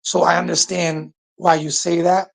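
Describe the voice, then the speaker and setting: A man as a guest on a casual livestream, speaking in a measured, hesitant way with frequent ums. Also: a little high, flat delivery, gravelly.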